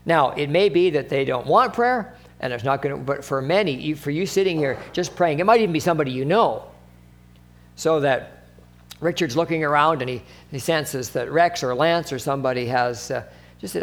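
A man's voice: fairly high pitch, expressive, moderate pace. A male pastor preaching in a conversational way, often acting out short exchanges and laughing. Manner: conversational, acts out little dialogues, laughs often. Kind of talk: sermon.

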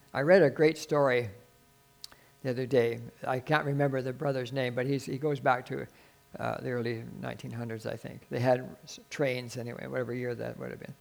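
Gravelly older man preaching earnestly. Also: mid-range voice, a little mellow. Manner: earnest, rising to emphatic peaks, acts out dialogue with God. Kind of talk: sermon.

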